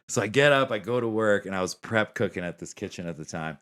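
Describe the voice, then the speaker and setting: A young man co-hosting a podcast, telling stories in a relaxed, casual way with lots of "like". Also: lowish voice, quick pace, few pauses. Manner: laid-back storyteller, says "like" often. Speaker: podcast co-host. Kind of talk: casual chat.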